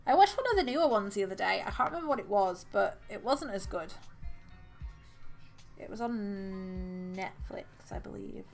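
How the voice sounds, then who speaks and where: A woman's voice: medium pitch, moderate pace, gravelly, faint music behind. Chatty woman crocheting on stream. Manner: chatty and relaxed, laughs often. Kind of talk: casual live-stream chat while crocheting.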